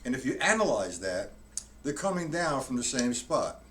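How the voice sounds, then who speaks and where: A man's voice: medium pitch, very animated, moderate pace, over loud music. A man teaching drums in a live-streamed lesson, explaining each step plainly and often restarting his sentences. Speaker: drum teacher. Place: room with a drum kit. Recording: distant mic with loud drumming. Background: loud drumming.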